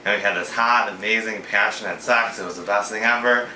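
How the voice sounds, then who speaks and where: A man eagerly telling a joke in a casual, quick way among friends. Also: fairly low pitch, steady tone, sharp tone, far from the mic. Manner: eager, quick, talks over others. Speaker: joke teller. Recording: echoey room, a bit off mic, faint noise.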